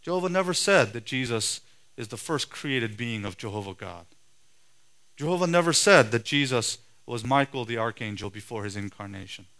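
A man preaching a sermon in a forceful, emphatic way, his voice swelling loud and then dropping low. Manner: forceful, emphatic preaching with sharp rises and drops in loudness.

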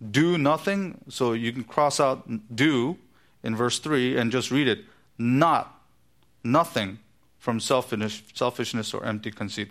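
A male pastor delivers a verse-by-verse sermon in a church. He is emphatic and teacherly, slowing down to stress key words and explain the grammar of the text. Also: mid-range voice. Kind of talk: expository sermon.

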